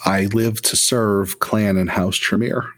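A man's voice: lowish voice, fairly even intonation, slow pace, no room sound. A man voicing a tired, loyal male vampire ritualist who speaks earnestly and defensively. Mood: dutiful.

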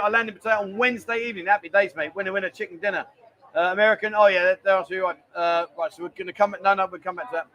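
A rather high-voiced man with a fairly bright tone runs a relaxed live stream in a crowded bar, joking around, chatting loosely and reading out messages from viewers. A slight hiss or hum can be heard.

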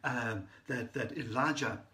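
Male preacher, mid-pitched, keen storyteller who restarts often and checks in with "right?". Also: a little slow, sharp tone. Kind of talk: sermon.

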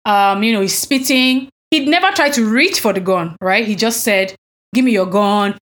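A woman co-hosts a casual, conversational podcast in a slightly high, fairly bright voice with lively intonation and a moderate pace. She recounts events indignantly and emphatically, firing off pointed rhetorical questions.

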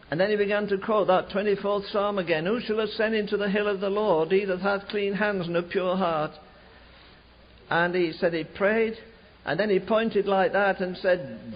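An older man preaching a storytelling sermon, fervent and building to shouted climaxes, with a husky voice. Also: high voice, moderate pace. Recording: dull lo-fi archive recording.

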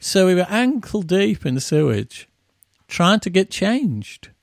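A man's voice: high-pitched, big pitch swings, measured pace, vocal fry, dry recording, studio quality. A middle-aged man, a musician guest, telling rambling tour anecdotes and acting out the quotes. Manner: rambling, with acted-out quotes and laughs. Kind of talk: anecdotal storytelling.

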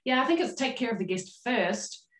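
A woman's voice: on the high side, animated, normal speed, echoey room, rough recording. A woman hosting a podcast, a former salon owner, agreeable and reflective in casual conversation. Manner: agreeable, reflective, builds on the guest's points.

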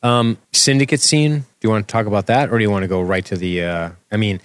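A man's voice: lowish voice, steady tone, fast, dry recording. A man co-hosting a podcast, joking and swearing freely in casual banter. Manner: profane, joking, wisecracking. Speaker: podcast co-host.

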